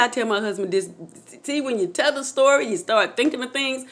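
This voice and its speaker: A woman telling her own near-death story to her viewers in an animated, excitable way, speaking straight to them with faith and feeling. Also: fairly high pitch, a little fast. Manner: testimonial, faith-filled. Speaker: channel host telling a personal story. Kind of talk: emotional personal storytelling.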